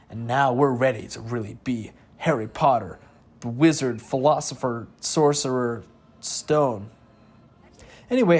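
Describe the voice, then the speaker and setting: Young male gaming host, slightly high voice, scripted comic narration with wry throwaway asides. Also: a little mellow. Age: young adult. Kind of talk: scripted comedic narration over gameplay.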